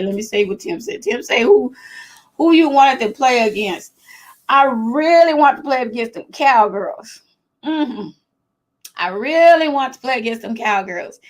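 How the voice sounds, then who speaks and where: A woman hosting a casual live chat from home, chatty and excitable, laughing often and talking straight to her viewers. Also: on the high side. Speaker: host of a live chat show.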